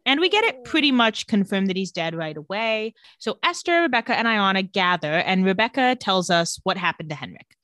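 A woman co-hosting a casual chat, retelling a TV episode with quick put-on character voices and frequent laughs. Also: mid-range voice, animated, a bit bright, dry recording. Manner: storytelling recap, quick mock voices for characters, laughs often. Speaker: podcast co-host recapping a TV episode.

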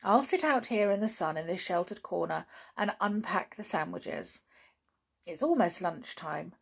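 A woman's voice: lowish voice, animated, unhurried, creaky, slightly rough, heavily acted. A woman voicing a fussy, genteel motherly aunt in a children's storybook.

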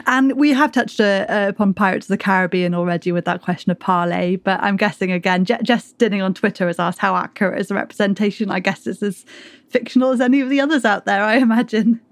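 A woman's voice: medium pitch, quick pace, no room sound. A woman hosting an interview, reacting enthusiastically and reading out audience questions. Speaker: host.

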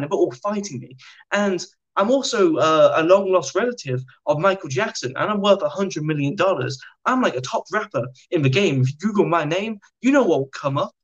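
Man putting on a shouting, ranting American prisoner. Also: on the high side, dull audio, pitched above the performer's own voice, close to an everyday voice. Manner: shouting, boastful rambling.

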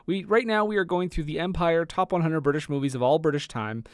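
A man co-hosts a comedy movie podcast, playful and quick with jokes. His voice is smooth, resonant and a little high for a man. The recording is dry and close. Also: dry recording. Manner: playful, quick-witted, joking. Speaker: podcast co-host. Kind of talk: casual comedic podcast banter.

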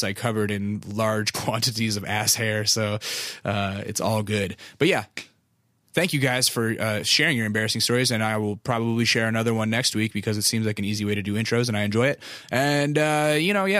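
A man's voice: mid-range voice, a bit bright, no room sound, clean studio sound. A young man hosting a podcast, telling a rambling, self-mocking story with crude humor in a casual way. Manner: rambling, laid-back, crude humor, laughs at himself. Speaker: podcast host.

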